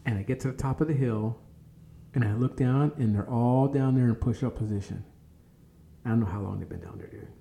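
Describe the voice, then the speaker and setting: A man's voice: mid-range voice, a little fast, creaky, dark tone, a little hiss or hum. A man as a podcast guest, telling stories of his life in a laid-back, casual way, swearing freely and laughing at himself. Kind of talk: casual storytelling interview.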